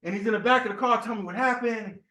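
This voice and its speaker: A man's voice: sits high, racing, sharp tone, echoey room, rough recording. A man giving an informal, conversational sermon at a temple meeting, telling stories and checking in with the room. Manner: conversational, storytelling, asks the room "right?". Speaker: temple speaker.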